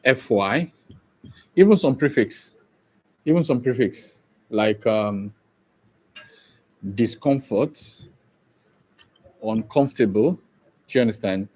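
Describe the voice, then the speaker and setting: A man from Nigeria, his voice mid-range and a bit mellow, works through an English exam-prep lesson at a slow pace. Each point gets repeated, and he regularly asks the students whether they've understood.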